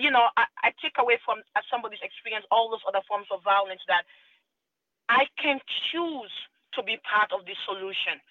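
Brief: activist woman from Sierra Leone, earnest and impassioned, mid-pitched voice on a dull, muffled recording. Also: no room sound. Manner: earnest, impassioned, rhythmic lists of phrases. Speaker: human rights activist guest. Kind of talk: personal testimony in a podcast interview.

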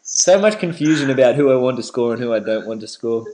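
A man's voice: mid-range voice, animated, quick pace, background noise. A man co-hosting a casual sports podcast, joking and laughing, often repeating words as he goes. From Australia. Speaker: podcast co-host.

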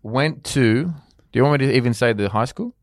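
A man hosting a sports talk show, easygoing as he leads a quiz. His voice sits at a middle pitch. The sound is close and very dry. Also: expressive, fairly quick, no room sound. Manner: easygoing, laughs along, runs the quiz. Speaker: podcast host. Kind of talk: casual chat.

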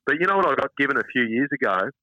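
A middle-aged man with an Australian accent, telling casual stories as an interview guest, animated and calling the listener mate. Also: medium pitch, rapid-fire, dry recording. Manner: chatty, animated anecdotes, calls listener mate. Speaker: radio host, interview guest. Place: outdoors at front of his house. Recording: dull lo-fi dry line.

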